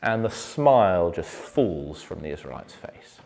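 Guy preaching, earnest, gets loud on the big points then goes soft and low. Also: big pitch swings, a little slow, gravelly, hardly any pauses. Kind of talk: sermon.

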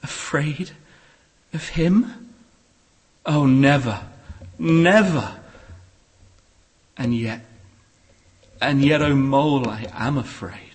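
A man voicing a gentle, devoted male water rat from a storybook, speaking in a hushed, awed and tender way, in an echoey hall. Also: mid-range voice, very slow, pauses often, slightly rough.

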